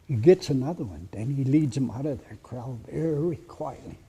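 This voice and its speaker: Gravelly, husky male storyteller. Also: mid-range voice, warm tone. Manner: dramatic pauses, drops to whispers for suspense. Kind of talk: live oral storytelling. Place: heritage center presentation.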